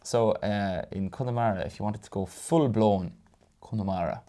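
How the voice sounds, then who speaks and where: An Irish man teaching Irish phrases in a relaxed chat, explaining slowly with fillers and restarts. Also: on the low side. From Ireland. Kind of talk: casual language lesson.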